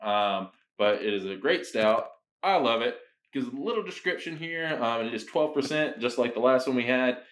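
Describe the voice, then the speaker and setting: A young man talking casually at an average pitch, drifting between gossip and a beer review. He fills his sentences with ums and drops swear words without a second thought. His voice carries a noticeable roomy echo. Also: lively intonation, moderate pace. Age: young adult. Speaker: podcast co-host.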